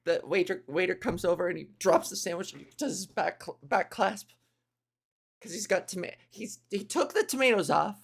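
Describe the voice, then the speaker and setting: A woman's voice: on the low side, very animated, moderate pace, creaky, husky. A woman comedian hosting her podcast, riffing in a rambling, profane, self-interrupting monologue.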